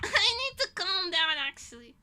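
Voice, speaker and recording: A woman's voice: very high voice, lively intonation, moderate pace, bright, forceful tone. A young woman streamer chatting casually, ranting indignantly with swearing and laughter. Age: young adult.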